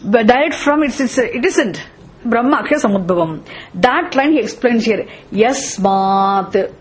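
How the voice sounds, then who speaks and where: Husky, fairly high woman teacher; patient scripture lesson, asks questions and repeats key terms. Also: animated, measured pace.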